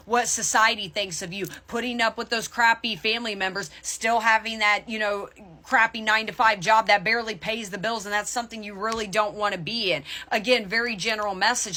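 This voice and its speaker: Talking straight to the camera, a young adult woman tarot reader keeps her spiritual vlog chatty and repeatedly checks in with "okay?" Her medium-pitched voice sounds bright and forceful.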